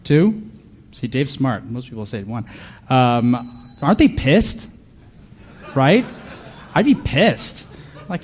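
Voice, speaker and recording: A man's voice: mid-range voice, lively intonation, slow pace, pauses often. A man speaking on a conference panel, delivering a comedic live talk with sarcastic, mock-paranoid riffs and questions thrown at the audience. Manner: sarcastic, riffing, asks the crowd questions.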